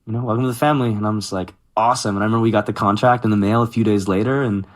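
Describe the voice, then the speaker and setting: A man's voice: on the low side, racing. A man in his thirties telling stories from his music career in a casual interview, acting out what others said. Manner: animated, quotes others in lively voices.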